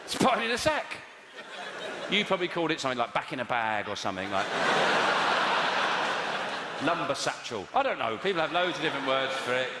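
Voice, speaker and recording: English comic guy riffing with the crowd, bouncy pitch, big echoey hall. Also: very animated, fairly quick, pauses often, heavy background noise. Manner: rambling, self-correcting, mock-outraged. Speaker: stand-up comedian. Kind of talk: stand-up with crowd work. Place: live venue with audience. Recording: echoey hall, live audience.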